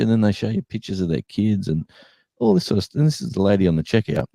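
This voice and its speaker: Gravelly, deep Australian man. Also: sing-song, fast, warm tone, no echo, faint music behind. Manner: rambling storyteller, many fillers. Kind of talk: casual chat on a live stream.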